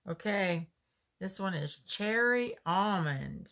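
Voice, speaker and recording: A woman's voice: mid-range voice, expressive, fairly bright tone. A woman, chatting casually as she unboxes homemade soap and muses aloud. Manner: slow, chatty, musing aloud.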